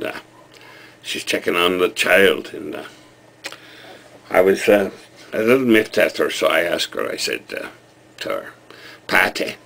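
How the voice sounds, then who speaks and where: A man's voice: sits low, vocal fry, pushed and bright, husky, heavily acted. A man putting on an Irish accent to play a chatty Irish man telling a joke. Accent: put-on Irish. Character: joking Irish man telling a pub yarn.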